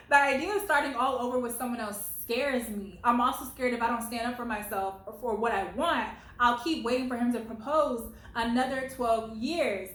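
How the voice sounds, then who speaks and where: A woman with a fairly high voice gives sassy, animated commentary on stories she reads aloud. She talks straight to the poster, calling her baby and girl. Her voice rings in an echoey room at home. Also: normal speed, hardly any pauses. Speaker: host reading online stories.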